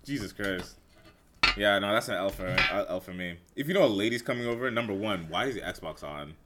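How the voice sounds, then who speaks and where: A man's voice: fairly low pitch, lively intonation, fairly quick, heavy background noise. A young man co-hosting a podcast, playful and teasing in casual chat with bursts of laughter. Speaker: podcast co-host.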